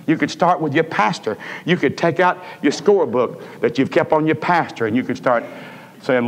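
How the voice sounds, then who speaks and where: A man delivering a 1980s church sermon, shifting between raised, urgent preaching and quiet, hushed pleading. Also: medium pitch, animated, fairly quick. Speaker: pastor. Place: church sanctuary. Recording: old church recording with long reverb.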